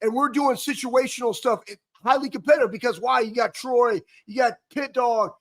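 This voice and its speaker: Excitable high-voiced man telling a story. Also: normal speed. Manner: excitable, rambling, stumbling restarts. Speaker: co-host, former player. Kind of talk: animated storytelling.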